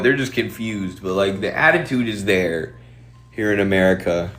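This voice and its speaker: A man streaming and answering viewer questions in a quick, offhand, opinionated way. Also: on the low side, a bit bright.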